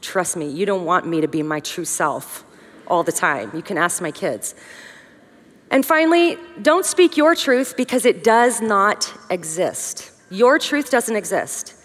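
A middle-aged woman giving a conversational, humorous teaching talk to a women's gathering, with lively emphasis and joking asides. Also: fairly low pitch, unhurried, big-room sound. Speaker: women's conference speaker.

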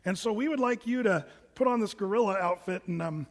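A man's voice: sits high, a little fast, big-room sound. A man voicing a sheepish male zookeeper who hesitantly offers an odd job, in a joke within a sermon. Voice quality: mild, hesitant, apologetic.

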